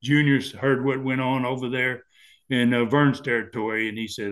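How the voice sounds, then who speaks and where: A man's voice: mid-range voice, normal speed. A man, telling wrestling stories as a guest in casual chat, laughing often and acting out voices. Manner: laughing animated storyteller, acts out voices.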